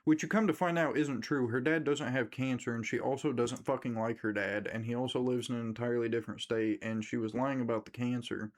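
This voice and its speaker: A man recapping a movie in a loose, casual rant. He tells the story with animated energy and plenty of swearing. His voice sits at an ordinary middle pitch for a man. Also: a little fast, hardly any pauses. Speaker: movie reviewer.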